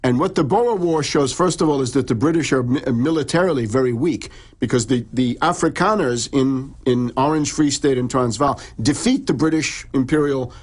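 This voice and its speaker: A man explaining history at length in conversation, with frequent restarts and fillers. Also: mid-range voice. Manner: long halting explanations with many restarts. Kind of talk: lecturing conversation.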